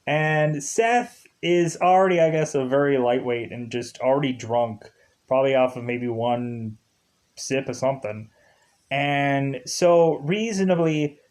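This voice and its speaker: A man's voice: mid-range voice, darkish tone. A man casually recapping a TV episode in a rambling way, repeating filler words and chuckling often. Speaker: TV show reviewer. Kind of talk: casual commentary.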